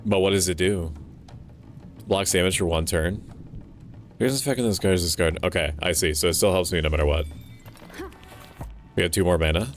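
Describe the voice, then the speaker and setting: A man's voice: deep voice, brisk, pauses often, soft background music. A man streaming a game, chatting casually with viewers, swearing and thinking aloud as he plays. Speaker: VTuber streamer. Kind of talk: casual gameplay commentary.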